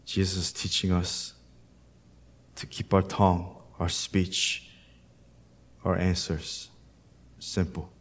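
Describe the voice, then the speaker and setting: A very low-pitched man preaching a sermon as a pastor. He talks plainly and conversationally, slipping into casual storytelling asides between points of scripture. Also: little pitch movement, slow pace, pauses often, slight background noise.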